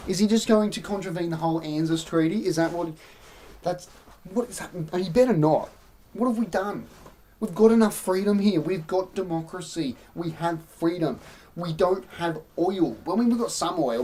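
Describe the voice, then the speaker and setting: Australian woman live-streaming, low-ish mellow voice, opinionated off-the-cuff rambling to chat. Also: a little fast. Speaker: livestream host. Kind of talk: casual live-stream commentary.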